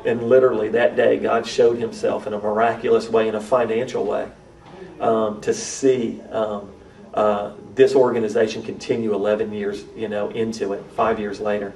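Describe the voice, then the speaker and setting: Gravelly-voiced man telling a testimony. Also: on the low side, little pitch movement, normal speed, a little mellow, far from the mic, slight background noise, low-quality recording. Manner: earnest, repeats and restarts phrases. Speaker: missionary to urban youth. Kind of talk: testimony storytelling. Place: church conference.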